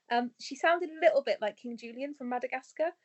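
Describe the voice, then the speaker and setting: A woman's voice: high voice, lo-fi sound. Chatty, laughing woman podcaster. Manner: chatty, laughs often, self-mocking. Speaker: podcast co-host. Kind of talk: casual chat.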